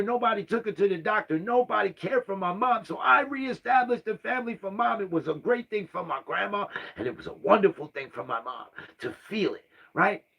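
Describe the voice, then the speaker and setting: A man's voice: high-pitched, a bit bright. A man in his fifties telling a personal family story, rambling and repeating himself, often asking "right?" and sighing. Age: 50s. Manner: rambling and repetitive, often asks "right?" and sighs. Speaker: vlogger.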